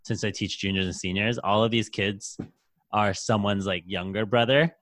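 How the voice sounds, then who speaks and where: A man's voice: fairly low pitch, moderate pace, a bit bright, no room sound. A man hosting a casual podcast interview, reflective and encouraging as he asks questions. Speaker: podcast host, high school teacher.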